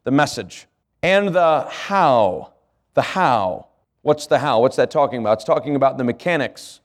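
A man preaching a sermon, asking his congregation questions, spelling out key words and slowing down to stress them. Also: medium pitch. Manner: slows to stress key phrases, rises in passion. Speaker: pastor. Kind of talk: sermon with fill-in handout.

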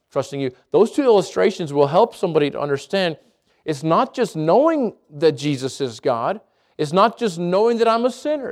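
A man's voice: a little high, a little mellow. A man preaching and teaching how to share faith, earnest and conversational, acting out example prayers. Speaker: pastor teaching evangelism. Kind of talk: sermon teaching.

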